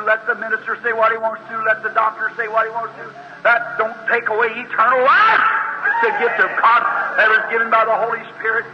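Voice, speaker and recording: Voicing each character in his story, this preacher delivers a fiery revival sermon, his high voice climbing into urgent exclamations. Faint hiss and a long hall reverb sit beneath the dull, lo-fi sound.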